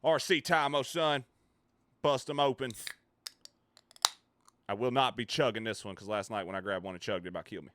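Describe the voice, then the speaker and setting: A man's voice: mid-range voice, steady tone, moderate pace, pauses often, a bit bright. A man chatting casually with his viewers on a live stream, joking, rambling and swearing freely.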